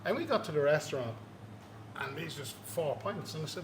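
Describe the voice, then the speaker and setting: A man's voice: fairly high pitch, animated, fast, roomy sound, noisy background. A man with an Irish accent, telling stories over beers in a casual chat, laughing and swearing often. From Ireland. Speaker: guest at a beer tasting.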